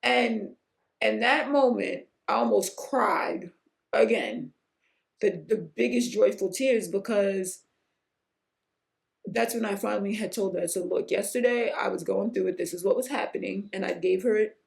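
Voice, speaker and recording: A woman hosting her own podcast, telling a personal story in an earnest, emotional way that sometimes rises almost to a shout. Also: unhurried, creaky. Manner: emotional, earnest, rising to near-shouts at high points; breaks off to hush a pet in a low, quiet voice. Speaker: podcast host.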